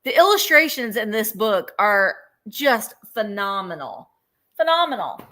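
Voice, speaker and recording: A woman's voice: mid-range voice, big pitch swings, a little slow, bright, forceful tone. A woman hosting a live vintage sale, chatting casually, laughing easily and describing each item in detail. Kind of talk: casual live-stream selling.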